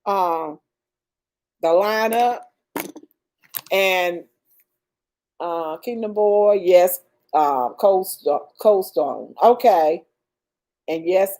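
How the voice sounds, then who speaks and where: An older woman hosting a casual livestream, reading viewer comments aloud in a slow, drawn-out way with frequent laughter and religious phrases. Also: on the low side, lively intonation, dark tone.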